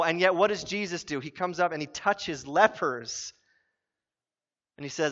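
A man in his thirties preaching a sermon as pastor, telling stories with quick voiced asides. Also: fairly high pitch, fairly bright tone. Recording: muffled sound in a reverberant hall.

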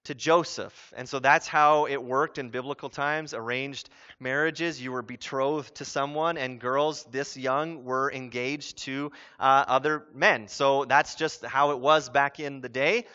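Pastor, man, bright, high voice, earnest, chatty sermon delivery, dull lo-fi recording. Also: unhurried. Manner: conversational, earnest, animated. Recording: dull lo-fi sound.

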